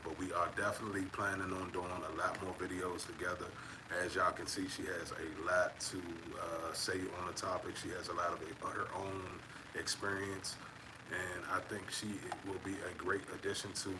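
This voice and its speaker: A man hosting a casual live stream on his channel, speaking in a relaxed, laid-back way. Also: deep voice, noisy background. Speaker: channel host.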